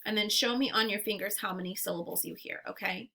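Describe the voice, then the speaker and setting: A woman teacher leading a phonics lesson for young children, patient and deliberate, stretching out sounds and syllables. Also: mid-range voice, steady tone, very noisy.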